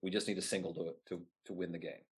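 A man, a guest telling stories in an animated way and acting out his own past remarks. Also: sits low, quick pace. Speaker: guest, whip performer at renaissance fairs. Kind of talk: casual interview storytelling.

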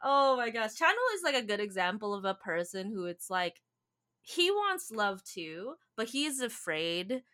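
A woman's voice: mid-range voice, moderate pace. A woman in her thirties in casual podcast chat, talking animatedly with frequent laughs and acting out quotes. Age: 30s. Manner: animated, laughing, acts out characters' lines. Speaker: podcast co-host discussing comics.

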